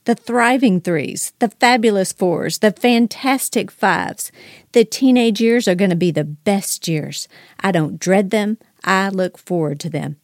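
A woman's voice: medium pitch, a little mellow, no echo, clean studio sound. Upbeat woman preaching. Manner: upbeat, emphatic, leads listeners in declarations. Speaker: podcast host. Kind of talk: inspirational faith talk.

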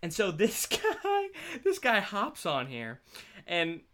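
A man's voice: high voice, wildly swooping pitch, slow, fairly bright tone. A young man, a college student, telling a casual story in a rambling way, laughing often and restarting his sentences.

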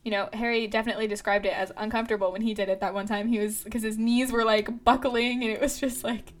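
A woman's voice: on the high side, flat delivery, quick pace. A young woman with a Southern California accent, co-hosting a podcast in casual, chatty talk full of fillers and giggles. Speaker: podcast co-host. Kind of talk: casual chat.

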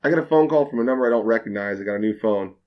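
A young man, a bartender, telling a wild story in casual podcast chat, animated and full of swearing. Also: fairly low pitch, rapid-fire, highs cut off. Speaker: bartender guest.

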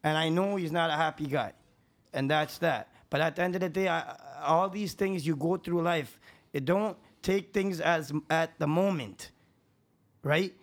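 A man's voice: on the high side, unhurried. A man, a contractor and podcast guest, talking in casual chat with a profane, emphatic, preachy manner.

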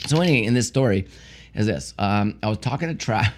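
Older man, lively storyteller. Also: lowish voice, fast talker. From Ohio, USA. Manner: laughs a lot while telling stories, swears, restarts often. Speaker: podcast co-host. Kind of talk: casual chat, storytelling.

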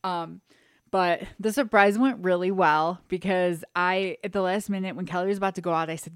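A woman co-hosting a podcast in casual chat, telling a story with lively energy and acting out quotes in high squeals. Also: moderate pace, clear, resonant tone, dry recording, clean studio sound. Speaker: podcast co-host.

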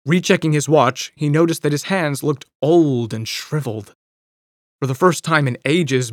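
A man's voice: medium pitch, dry recording. Male audiobook narrator, dry storytelling read, no room sound. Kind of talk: scripted narration.

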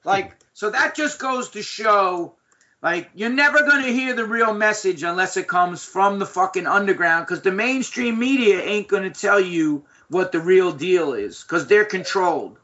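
A man with a New York accent telling a story in casual, profane, animated chat. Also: sits high, moderate pace. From New York City. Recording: dull lo-fi sound.

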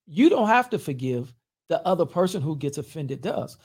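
A male pastor talks as a guest in a measured, preacherly manner, and he laughs easily between points. His voice swings widely in pitch, very animated and lively as he teaches. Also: slightly rough. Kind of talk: conversational teaching.

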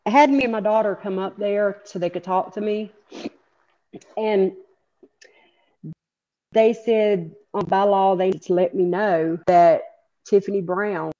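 A woman's voice: medium pitch, mellow, dull audio. A woman being interviewed as the mother of a victim, speaking bluntly and angrily with plenty of swearing. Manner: blunt, angry, profane. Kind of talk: interview, recounting events.

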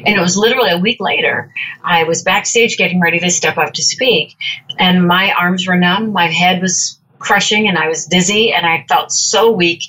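Woman, middle-aged, earnest storyteller, bright tone, breathy edge. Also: on the low side, low-quality recording. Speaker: podcast guest, author and speaker. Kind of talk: faith conversation, personal testimony.

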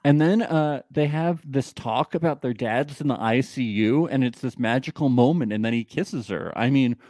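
A man's voice: medium pitch, normal speed, darkish tone, no echo, studio quality. A young man co-hosting a podcast, recapping a reality show with sarcastic jokes and lots of "uh"s. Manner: joking, sarcastic, many fillers. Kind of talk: casual chat.

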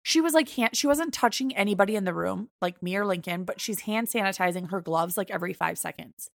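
A young woman chatting casually on a podcast, her voice carrying a lot of gravelly fry. She retells events with animation, playing out each side of the conversation. The sound is dry and close. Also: mid-range voice, fast talker, dry recording. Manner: animated retelling, acts out both sides of quoted dialogue. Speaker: podcast co-host. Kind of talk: casual storytelling chat.

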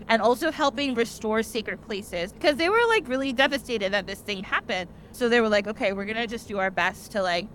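Young woman host telling a story, kinda high voice, chatty and animated, lots of likes. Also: slight background noise. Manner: chatty, animated retelling with frequent "like" fillers. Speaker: podcast host. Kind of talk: casual storytelling.

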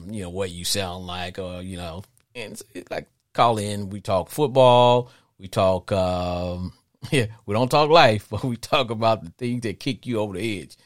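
A middle-aged man from Arkansas hosting a call-in sports podcast, talking in an animated, rambling way with frequent restarts. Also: low-pitched, no room sound, studio quality.

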